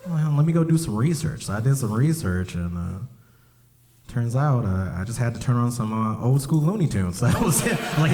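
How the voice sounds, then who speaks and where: A man's voice: fairly low pitch, lively intonation, normal speed, noisy background. A man doing a stand-up set in a comedy club, laid-back and profane, acting out the voices in his stories. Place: comedy club stage, live crowd.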